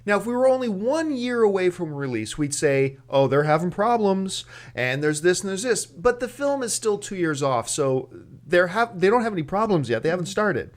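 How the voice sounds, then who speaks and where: A man co-hosting a movie news chat, his voice sitting a little high for a man. He talks in a loose, animated way, thinking aloud with fillers and restarts as he weighs the possibilities. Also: normal speed. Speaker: movie news editor, co-host. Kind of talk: casual news discussion.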